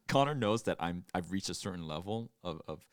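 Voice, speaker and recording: A young man co-hosting a podcast, telling stories in casual chat and loudly acting out what people said. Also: low voice, normal speed, dry recording, studio quality. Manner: animated storytelling, acts out quotes loudly. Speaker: podcast co-host.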